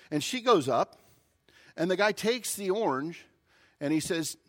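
A male pastor preaching a sermon, opening with a folksy, animated story. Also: a little high, moderate pace.

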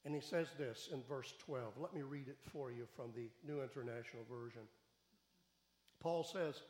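A man's voice: medium pitch, moderate pace, a little mellow, roomy sound, long reverb tail. A male pastor giving a sermon in a church, speaking earnestly and building to raised, emphatic questions. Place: church sanctuary.

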